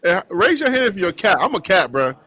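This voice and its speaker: A man hosting a live sports reaction stream, animated and joking as he talks. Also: sits high, a little fast, slightly rough. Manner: animated, joking, repeats himself.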